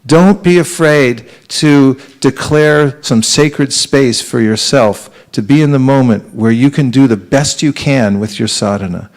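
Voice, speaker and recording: A male spiritual teacher speaks to a gathered audience in a middle-pitched voice. He talks in an earnest, conversational way, pausing and restarting his sentences as he goes. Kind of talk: devotional talk to a live audience.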